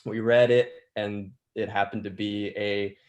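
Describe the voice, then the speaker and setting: A man's voice: on the low side, level tone, unhurried, a little mellow, lo-fi sound. A young adult man actor on a press panel, telling stories with restarts and chuckles. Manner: storytelling, repeats words, chuckles. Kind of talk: virtual press conference answer.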